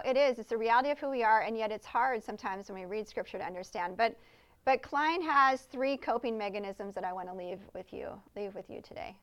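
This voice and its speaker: A woman's voice: medium pitch, bright, forceful tone. A woman preaching a conversational sermon in a church service, earnest and chatty, often asking the congregation questions.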